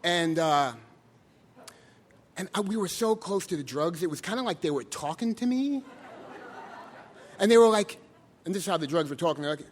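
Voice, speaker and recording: A man in his twenties telling a true story at a live story slam, animated and self-mocking, acting out other voices. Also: high voice, normal speed, long pauses. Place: stage in a hall with an audience. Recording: live hall recording with reverb and faint noise.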